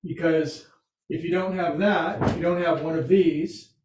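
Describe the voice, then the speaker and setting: Male yoga teacher at home, playful and talkative, slightly high voice, recorded in a roomy echo. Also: fairly even intonation, unhurried, noisy background. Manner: chatty and joking, self-mocking asides. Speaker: yoga instructor. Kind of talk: guiding a restorative yoga class. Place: home room with couch and recliner. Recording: echoey room.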